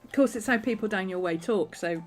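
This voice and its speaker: A woman's voice: medium pitch, fairly quick, faint music behind. A woman hosting a casual live stream from her desk at home, chatty and greeting viewers by name. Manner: soft and coaxing when talking to her dog. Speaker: livestream host. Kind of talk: casual live-stream chat while crafting.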